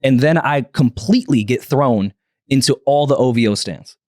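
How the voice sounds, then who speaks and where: A man co-hosting a podcast, chatting casually in an animated way and laughing often. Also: medium pitch, normal speed, no echo, studio quality. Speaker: podcast co-host. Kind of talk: casual group chat.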